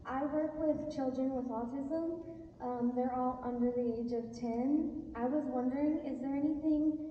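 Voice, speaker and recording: A woman's voice: high voice, steady tone, normal speed, a little hiss or hum. A woman, a teacher in the audience, politely asking a panel question. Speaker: audience member, teacher of autistic children. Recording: dull, echoey hall from far off.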